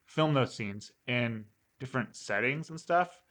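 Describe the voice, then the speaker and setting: Brief: male podcast co-host, mid-pitched, explanatory and conversational. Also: animated, a little slow, a bit bright. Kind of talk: casual chat.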